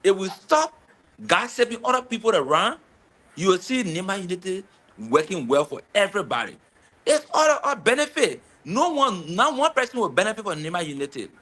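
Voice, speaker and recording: Man, casual talk guest, bright forceful tone, lively storyteller. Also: sits high. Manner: animated storytelling, repeats words. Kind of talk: casual chat.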